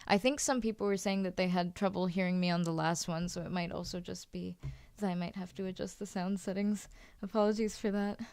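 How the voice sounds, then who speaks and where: A woman chatting casually on a group video call as a workshop participant, relaxed and a little rambling through her computer mic. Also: lowish voice, fairly quick, clean tone.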